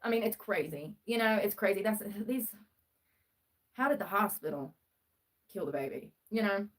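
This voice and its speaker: A woman streaming live reads true-crime news aloud in a medium-pitched voice with lively intonation and normal speed, her commentary rambling and sarcastic.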